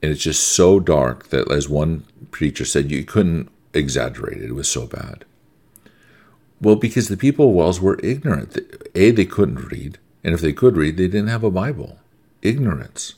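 Male preacher, American, middle-aged, very low voice, swings up and down a lot, emphatic conversational sermon. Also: vocal fry, a little mellow, slightly rough. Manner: emphatic, conversational, repeats words for stress.

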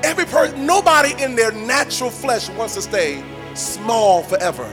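A man preaching a sermon, repeating phrases and building to shouted points. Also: extremely high pitch, normal speed, music in the background. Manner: animated, repetitive, building to shouts.

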